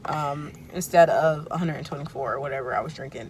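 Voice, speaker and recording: A woman's voice: deep voice, fairly quick, heavy background noise. A woman vlogging casually to her viewers, talking candidly in a rambling way and correcting herself as she goes. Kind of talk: casual vlog chat to camera.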